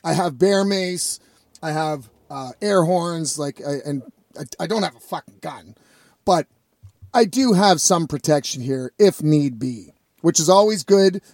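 A man's voice: on the high side, darkish tone, no echo, studio quality. A man telling a rambling, profane story in a casual vlog.

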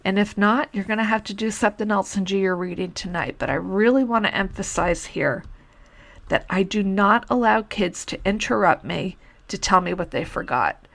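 Woman teacher-podcaster, blunt and conversational, a bit of vocal fry, mid pitch. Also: normal speed, fairly bright tone. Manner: frank, matter-of-fact, conversational with asides. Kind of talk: solo podcast advice talk.

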